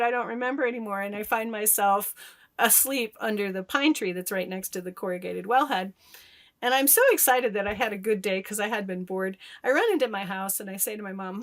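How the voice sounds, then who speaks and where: A woman from Michigan, a guest on an interview podcast, telling stories in an animated way, laughing often and acting out what people said. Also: mid-range voice, fairly quick. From Michigan, USA. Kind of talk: casual interview storytelling.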